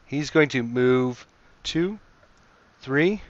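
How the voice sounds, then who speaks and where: A man running an online tabletop game as game master, calmly narrating combat and ruling on moves. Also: medium pitch, extremely slow, lo-fi sound, a little hiss or hum.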